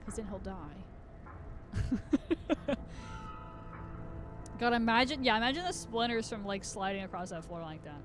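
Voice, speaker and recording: A young adult streamer chatting casually and excitably while playing a horror game, swearing and yelping at scares. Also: medium pitch, unhurried, pauses often, music in the background. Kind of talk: casual live gameplay chat. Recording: loud game sounds under the voice.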